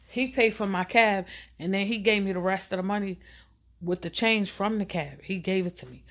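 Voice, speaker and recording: A woman casually telling a personal story in a chatty, animated way, acting out what other people said. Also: medium pitch, normal speed.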